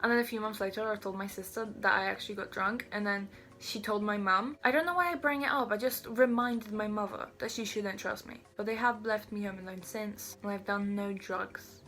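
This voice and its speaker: A woman's voice: medium pitch, fairly even intonation, fairly quick, few pauses, bright, forceful tone. Rambling teen girl telling a story. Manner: rambling, self-deprecating asides. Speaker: vlogger. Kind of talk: casual storytime.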